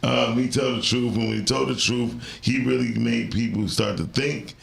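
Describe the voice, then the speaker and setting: A man hosting a morning talk show, recounting stories in a relaxed way. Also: mid-range voice, moderate pace, gravelly, slightly rough. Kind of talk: casual talk show chat. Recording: echoey room.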